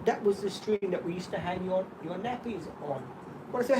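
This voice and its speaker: A middle-aged Australian man rambling through animated stories in casual chat, often laughing. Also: high-pitched, fairly quick, noisy background.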